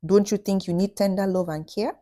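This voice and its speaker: A woman's voice: medium pitch, steady tone, a little fast, warm tone. A woman giving heartfelt, encouraging advice in a vlog, repeating her phrases for emphasis. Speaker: vlogger.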